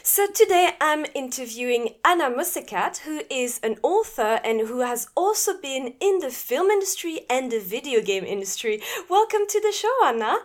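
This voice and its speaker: A woman with a French accent hosts a podcast in a somewhat high, upbeat voice. She reads show announcements and asks her guest questions cheerfully. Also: sing-song, moderate pace, few pauses, faint music behind. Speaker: podcast host. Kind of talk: podcast host reading promos and interviewing.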